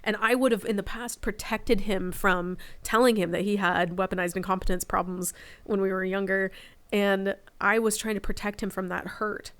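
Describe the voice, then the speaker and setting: A woman in her forties chats openly as a podcast guest. Her voice sits in a middle pitch, and she tells her stories in a candid, reflective way. The talk is loose and personal. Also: fairly even intonation, normal speed, clear, resonant tone. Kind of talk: casual podcast chat.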